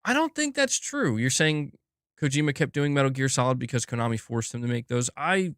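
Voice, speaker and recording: A man's voice: medium pitch, very animated, fairly quick, fairly bright tone, clear, resonant tone, dry recording, clean studio sound. A young man hosting a casual gaming livestream, rambling with many restarts and addressing the chat as dude and bro. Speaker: livestream host.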